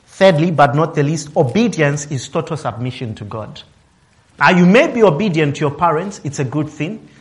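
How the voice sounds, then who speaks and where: A man delivers a sermon in a somewhat high voice. He rises and falls in pitch and loudness to stress his points, acting out quotes and breaking into short laughs. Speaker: preacher. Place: office worker.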